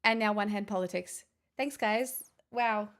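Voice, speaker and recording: During casual live-stream chat, a woman speaks a little slowly in a mid-range, fairly bright voice. Flustered and giggling, she gratefully thanks viewers in stop-start bursts.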